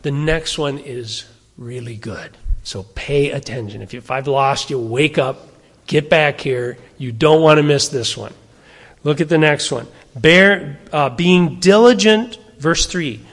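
A man preaching a sermon, emphatic, shifting between strong stresses and quiet asides. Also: a little high, measured pace, long reverb tail. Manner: emphatic, varies loudness, drops to quiet asides. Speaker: pastor.

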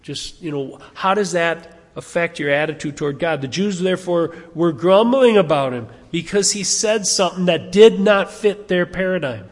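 A man preaching a sermon, animated, asking his congregation rhetorical questions. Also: high-pitched, moderate pace, few pauses, long reverb tail. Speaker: pastor.

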